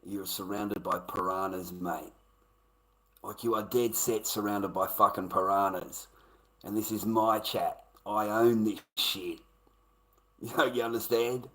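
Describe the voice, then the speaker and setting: Aussie bloke on a livestream, lowish voice, sharp edge, swears nonstop, blunt. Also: male voice, fairly even intonation, unhurried, rough recording. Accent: Australian. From Australia. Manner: profane, blunt, swears constantly. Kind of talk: casual livestream rant to chat.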